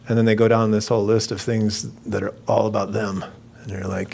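A man's voice: lowish voice, steady tone, a little fast, vocal fry, a little mellow, slight background noise. A middle-aged man preaching a sermon in a conversational, jokey way, slipping into mimicked voices for asides. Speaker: pastor.

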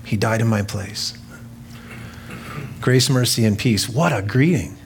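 A man's voice: on the low side, unhurried, a little hiss or hum. A man pastor preaching a sermon in a casual, joking way, acting out quoted voices and laughing at himself.

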